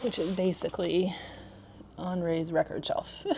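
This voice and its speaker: A woman's voice: fairly low pitch, level tone, unhurried, creaky, mellow, a little hiss or hum. A young woman chatting casually in a home vlog, rambling and laughing often. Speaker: vlogger. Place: home room.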